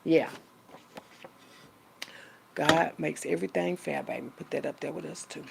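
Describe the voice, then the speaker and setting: Gravelly-voiced woman rambling to viewers. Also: low voice, steady tone, a little slow, pauses often, darkish tone, a little hiss or hum. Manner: rambling, talks to viewers, reads aloud. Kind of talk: casual monologue.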